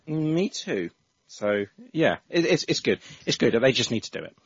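A man's voice: medium pitch, big pitch swings, moderate pace, slightly rough, dry recording. A man hosting a casual football podcast, chatty and full of restarts. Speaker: podcast host. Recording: dull, dry, lo-fi sound.

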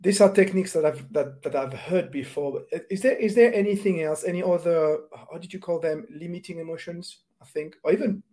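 A man's voice: fairly high pitch, fairly quick, few pauses, mellow. A man hosting an interview, asking questions hesitantly and repeating words as he searches for them. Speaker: interview host. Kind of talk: podcast interview.

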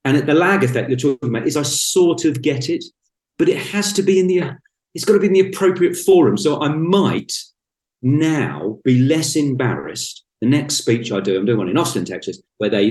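A man in his fifties speaking as a podcast guest, joking about himself in a wry, blunt way. His voice sits at an ordinary middle pitch. The room around him is roomy and echoey. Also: lively intonation, a little fast, darkish tone. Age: 50s. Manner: wry, self-mocking, blunt humor. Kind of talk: casual conversation. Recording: roomy echo.

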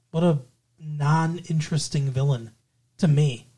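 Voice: mid-range voice, lively intonation, brisk. A podcast co-host picking apart a horror movie in casual chat, swearing freely and rambling with lots of fillers and restarts.

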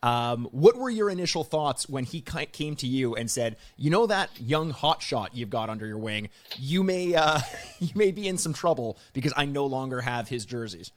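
A man hosts a podcast in a chatty, joking tone, tossing out quick asides to the listener. His voice sits at an ordinary middle pitch and moves at an easy conversational pace. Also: animated. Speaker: podcast host. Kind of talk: casual podcast chat.

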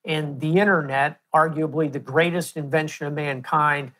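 A man as an interview guest, explaining history in a measured, storytelling way. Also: fairly high pitch, fairly even intonation, a bit bright. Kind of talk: interview answer.

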